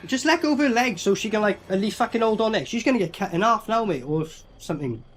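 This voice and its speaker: A man's voice: sits high, lively intonation, quick pace, noisy background. A man giving a casual, sweary running commentary as he reviews a film. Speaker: movie reviewer.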